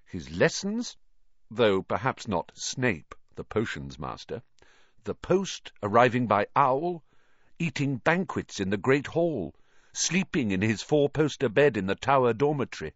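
A man reading a children's novel aloud as an audiobook narrator, with an expressive storytelling delivery. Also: medium pitch, a little slow, dry recording, lo-fi sound. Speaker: audiobook reader.

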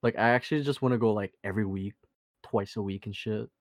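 A young man co-hosting a podcast in slangy casual chat, laughing often and talking in quick bursts. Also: fairly low pitch, dry recording, studio quality. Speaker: podcast co-host.

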